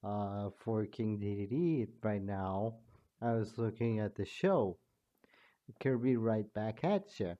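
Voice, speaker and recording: Slow, low-key young man reading a fan story. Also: warm tone. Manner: slow, stumbling, restarts often. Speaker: fan fiction reader and narrator. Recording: dull lo-fi home mic.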